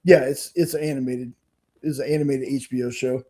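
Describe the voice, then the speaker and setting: A man's voice: medium pitch, steady tone, fairly quick, dark tone. A man co-hosting a live comics hangout stream, chatting casually and enthusiastically, often repeating himself. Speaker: podcast co-host. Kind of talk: casual chat.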